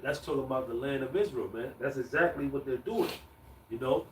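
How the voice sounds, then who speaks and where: A man's voice: mid-range voice, a little fast, a little hiss or hum. A man reading scripture aloud and talking it over loosely, full of fillers. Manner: loose, filler-heavy, reads verses aloud. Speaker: scripture reader. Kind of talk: casual street preaching. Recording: echoey, distant mic, faint ambience.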